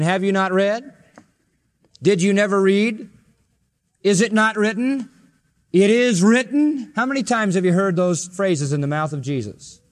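High-voiced male preacher asking questions. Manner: animated, with rhetorical questions and quoted scripture. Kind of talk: sermon.

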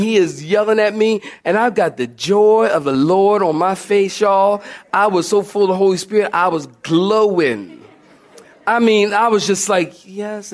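A male pastor preaching a sermon, telling a personal story, often laughing and acting out a shouting sergeant. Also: high-pitched. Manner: animated, acts out shouting and laughs mid-story.

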